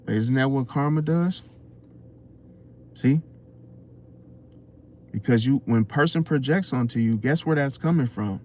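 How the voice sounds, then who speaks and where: A man's voice: medium pitch, measured pace, long pauses, darkish tone, slight background noise. A man hosting an astrology channel, giving an unscripted motivational talk full of rhetorical questions and repeated "see?". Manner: preachy, rhetorical questions, keeps saying "see?".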